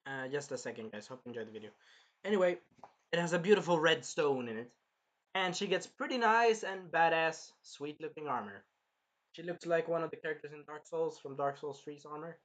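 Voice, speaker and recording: Bright-voiced man rambling through a review. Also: fairly high pitch, animated, brisk. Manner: rambling, swears freely, jumps into character quotes. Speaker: anime reviewer. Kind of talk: casual review vlog.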